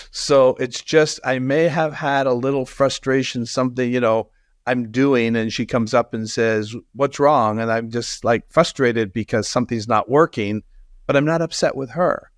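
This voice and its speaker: A man's voice: medium pitch, fairly even intonation, measured pace, dry recording, clean studio sound. A man speaking as a guest expert in a podcast interview, explaining through personal stories and laughing easily.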